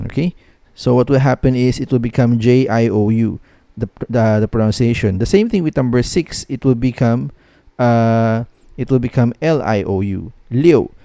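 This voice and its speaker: A man's voice: medium pitch, dark tone, no echo. A man teaching a language lesson, patiently repeating each word three times.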